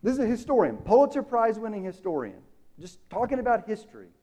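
A man preaching a sermon, casual and animated, acting out the dialogue in the story. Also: sits high, fast talker.

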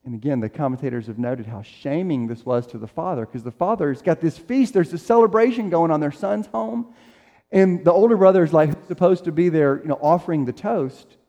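A middle-aged man preaching from the pulpit, talking plainly and acting out the lines he quotes. His voice sits a bit high but sounds mellow. It rings with the long reverb of a large hall. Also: a little fast, lo-fi sound. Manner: conversational preaching with acted-out quotes. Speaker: pastor. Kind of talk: sermon.

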